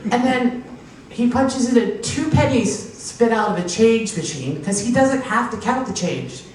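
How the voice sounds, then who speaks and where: A woman's voice: medium pitch, a little mellow. A woman from Pennsylvania doing a stand-up comedy set, telling stories and acting out the voices of the people in them. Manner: storytelling, acting out quoted voices, laughing at her own punchlines. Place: live comedy show with an audience. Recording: echoey hall recorded from far off with faint noise.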